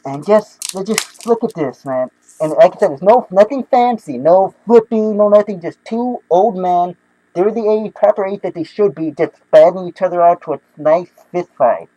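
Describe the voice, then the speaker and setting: Brief: young male comic fan, high mellow voice, gushing and rambling. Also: normal speed, no room sound, rough recording. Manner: excitable, rambling, many restarts and fillers. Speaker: comic book reviewer. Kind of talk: casual comic book review.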